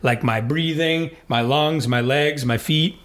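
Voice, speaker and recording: A man's voice: on the high side, unhurried, fairly bright tone. Rambling man telling a story. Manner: rambling, full of fillers and restarts. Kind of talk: casual storytelling chat.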